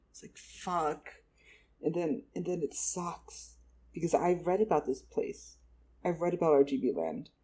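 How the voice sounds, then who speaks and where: A man's voice: mid-range voice, warm tone, breathy edge. A man telling a rambling comic story, repeating himself and swearing casually. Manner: rambling, repetitive, profane. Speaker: vlogger.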